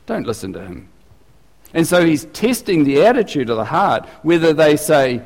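A man's voice: fairly high pitch, sing-song, fairly quick, a little mellow, big-room sound. A man preaching a sermon as pastor, chatty and asking his congregation questions. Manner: conversational, asks the congregation questions.

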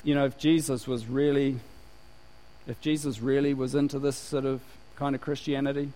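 A man's voice: mid-range voice, little pitch movement, moderate pace, warm tone, rough recording. A man from New Zealand preaching a sermon with energy, laughing and slipping into put-on voices to make his points. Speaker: pastor.

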